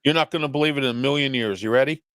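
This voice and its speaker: A man's voice: medium pitch, very fast, fairly bright tone, no echo, clean studio sound. A man hosting a casual talk show, trading jokes about old commercials and laughing at his own jokes. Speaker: show host. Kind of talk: casual chat.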